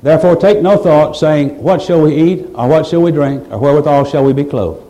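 A man's voice: on the high side, a little fast, warm tone, rough recording. A man preaching a sermon, pressing his listeners with rhetorical questions and building to emphatic, raised passages. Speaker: pastor.

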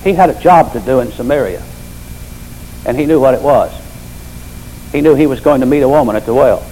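Older preacher man, folksy and mellow. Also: medium pitch, brisk, a little hiss or hum, rough recording. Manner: folksy storytelling, emphatic repetition. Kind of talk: sermon.

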